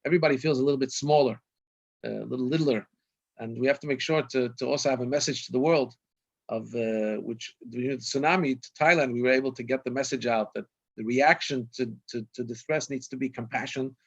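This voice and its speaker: A rabbi in his fifties recounts anecdotes over a video call, in a medium-pitched man's voice. He talks loosely, restarting and correcting himself as he goes, and the sound is dull and lo-fi. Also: fairly even intonation, fairly quick, gravelly. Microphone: video call microphone.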